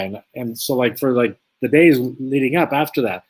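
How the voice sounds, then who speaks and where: This interview guest, once a boxer, tells an extended boxing anecdote with lively energy, voicing both parties in the conversations. His medium-pitched voice moves fairly quickly and carries a breathy edge.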